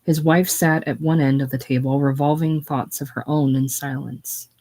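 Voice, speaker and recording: An audiobook reader narrating a classic novel in a measured, even way. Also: medium pitch.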